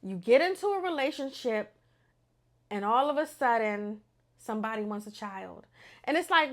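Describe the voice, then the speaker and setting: A young adult woman hosting a podcast, talking unscripted in a blunt, animated and profane way. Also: a little high, normal speed. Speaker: podcast host.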